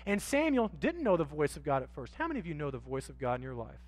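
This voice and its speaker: A man preaching a sermon in church, swinging from quiet asides to loud, drawn-out emphasis and acting out voices of street sellers and pleading sinners. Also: fairly high pitch, sing-song. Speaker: pastor. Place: church sanctuary.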